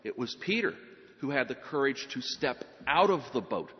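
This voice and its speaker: A man giving a sermon, retelling a gospel story earnestly with dramatic pauses. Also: medium pitch, sing-song, in a large hall, muffled recording. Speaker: preacher.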